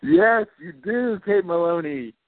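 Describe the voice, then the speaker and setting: A man host leading a guided visualization, slow, soothing and encouraging. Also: high-pitched, big pitch swings, vocal fry, no echo. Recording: tinny phone-like line.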